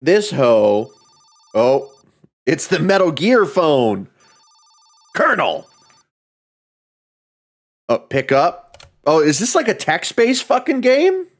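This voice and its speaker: Male streamer, animated pitch, unhurried pace, profane running commentary on a game. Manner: profane, joking, mocks the text he reads aloud.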